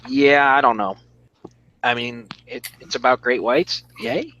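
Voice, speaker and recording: A man's voice: medium pitch, fairly even intonation, a little slow, bright, forceful tone, a little hiss or hum, low-quality recording. Blunt, swearing man reviewing comics. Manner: blunt, swears freely, rambling. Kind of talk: casual live-stream chat.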